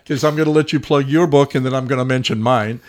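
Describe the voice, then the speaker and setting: A man's voice: mid-range voice, quick pace. A man hosting a radio interview, easygoing and teasing his guest. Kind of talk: casual interview.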